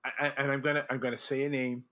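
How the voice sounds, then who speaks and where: A man hosting a casual chat, telling animated stories full of restarts and laughter as a former judge. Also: mid-range voice, rapid-fire, slight background noise. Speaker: podcast host and former drum corps judge.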